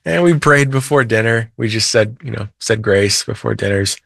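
Low-voiced man telling his story. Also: normal speed, creaky, fairly bright tone, no room sound, studio quality. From United States. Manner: earnest storytelling, with quoted dialogue and light laughs. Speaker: interview guest. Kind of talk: personal testimony in conversation.

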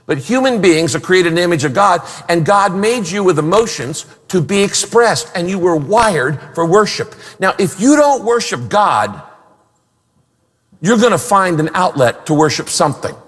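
A pastor preaching a sermon in an emphatic, animated way, asking the crowd rhetorical questions. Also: male voice, sits high, moderate pace, long reverb tail.

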